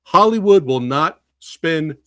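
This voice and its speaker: Male podcast host, animated ranter, high and swooping, dry close sound. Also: slow pace, dry recording. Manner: exasperated, ranting, lively storyteller. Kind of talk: animated casual chat.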